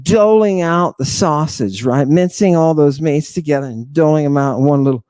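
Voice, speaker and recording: A man hosting an irreverent lecture on ancient texts, theatrical and mocking, swinging between loud outbursts and hushed asides. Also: on the high side, normal speed, clear, resonant tone, dry recording.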